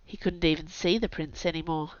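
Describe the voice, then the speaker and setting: A woman, an author and podcast host, narrating a story aloud in a lively, expressive way, on a dull lo-fi recording. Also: low voice, brisk, no room sound. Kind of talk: scripted audiobook narration. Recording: dull lo-fi sound.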